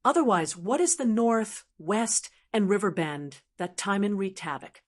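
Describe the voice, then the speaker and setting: A woman's voice: medium pitch, expressive, measured pace. Woman reading as a shrewd young island heiress. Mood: confident. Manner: confident, persuasive. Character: shrewd, confident young female sea lord's heir. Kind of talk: audiobook narration.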